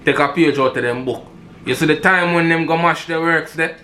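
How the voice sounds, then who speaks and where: A man's voice: fairly high pitch, moderate pace, bright, forceful tone, slight background noise. A man with a Jamaican accent, giving heated commentary in patois and repeating himself for emphasis. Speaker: commentator reacting to robbery footage.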